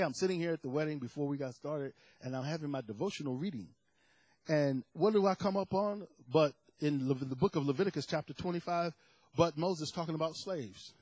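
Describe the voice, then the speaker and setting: Male preacher, high husky voice, builds to impassioned shouting. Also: no echo, rough recording. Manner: rises to shouted, fervent preaching. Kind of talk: sermon.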